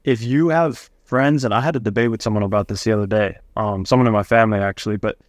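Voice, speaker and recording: A man's voice: on the low side, quick pace, no echo. Earnest male co-host, casual explaining, dry close sound. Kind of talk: casual chat.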